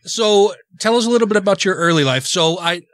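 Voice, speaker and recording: A man's voice: high-pitched, lively intonation, a little fast, fairly bright tone, no room sound. Eager, chatty male podcast host. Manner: eager, chatty, restarts sentences. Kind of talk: casual interview hosting. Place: studio.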